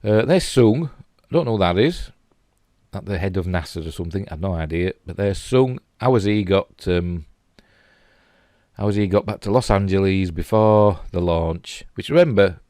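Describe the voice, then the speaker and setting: Yorkshire bloke, low voice, chatty and rambly, dry sound. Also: male voice, animated, moderate pace, darkish tone, no room sound. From England. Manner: chatty, rambling, chuckling asides. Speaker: host. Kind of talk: casual commentary on stills.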